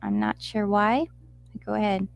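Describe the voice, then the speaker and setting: A woman's voice: mid-range voice, a little slow, gravelly, soft background music. A woman co-hosting a live show, giving dry, brief replies in casual chat. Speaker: co-host.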